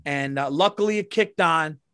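A man hosting a podcast, telling a comic story in a casual, animated way, swearing and repeating lines for emphasis. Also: a little high, moderate pace, clear, resonant tone, no room sound, clean studio sound. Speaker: podcast host.

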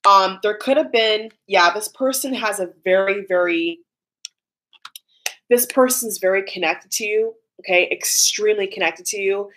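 A woman's voice: mid-range voice, measured pace, fairly bright tone. A woman giving a casual pick-a-card tarot reading, chatty and full of fillers like "like" and "um". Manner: chatty, filler-heavy, breaks into laughs.

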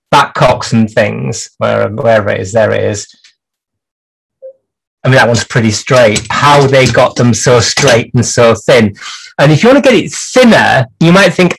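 A man's voice: medium pitch, creaky, a bit bright, a little hiss or hum, low-quality recording. A man teaching clock repair on a livestream, rambling and thinking aloud as he works at his bench. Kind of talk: live workshop demonstration.

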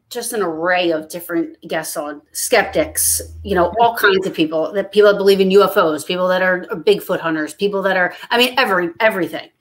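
A woman hosting a casual chat, talking in a rambling, chatty way and laughing often. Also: lowish voice. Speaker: host.

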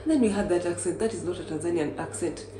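A young Kenyan woman narrating her travel vlog in a chatty, excitable way. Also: on the low side, fast talker. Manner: chatty and excitable, with bursts of exclamation. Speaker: travel vlogger. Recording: echoey room with faint noise.

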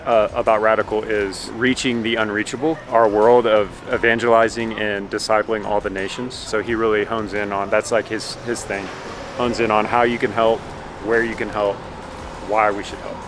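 A man's voice: on the low side, flat delivery, moderate pace, background noise. A man joining his brother's vlog, chatting casually with lots of hesitations. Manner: hesitant, many fillers. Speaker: vlog guest, brother of host. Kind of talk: casual outdoor vlog chat.

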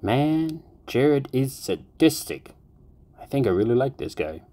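A man's voice: mid-range voice, very animated, measured pace, warm tone, pitched above the performer's own voice. Brief: cocky young male fighter, flippant quips, narrator's put-on voice. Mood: casual. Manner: flippant wisecracks.

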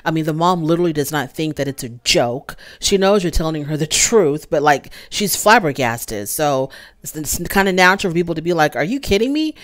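A woman's voice: sits low, a little fast, fairly bright tone. A woman hosting a casual recap of a reality show, talking straight to the cast in an exasperated, scolding way. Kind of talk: casual review commentary.

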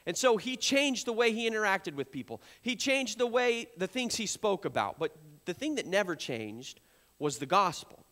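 Animated preacher in a reverberant church hall. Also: male voice, sits high, normal speed. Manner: animated preaching, acts out accusers in a raised voice. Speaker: pastor. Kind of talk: sermon. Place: church sanctuary.

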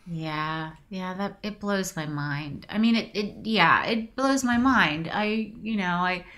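An actress in her forties, interviewed in a casual video, speaks reflectively, restarting often and getting choked up with emotion. Her lowish voice is a bit bright, and she talks slowly.

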